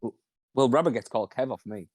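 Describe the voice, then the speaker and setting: A man's voice: mid-range voice, animated, fast talker, a little mellow, slightly rough, no echo. Bouncy-voiced joking man, dry sound. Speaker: podcast guest. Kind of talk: casual chat.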